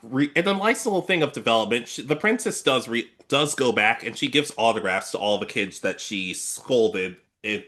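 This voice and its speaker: A man co-hosting an anime review podcast, joking casually and slipping into quick character voices. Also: mid-range voice. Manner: animated, joking, quotes characters in put-on voices. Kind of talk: casual chat.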